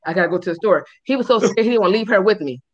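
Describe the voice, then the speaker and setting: A woman's voice: rapid-fire, dull audio. A woman co-hosting a podcast, telling a story in casual, profane chat and acting out what people said. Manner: animated, profane, acts out quotes in high squeals. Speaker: podcast co-host.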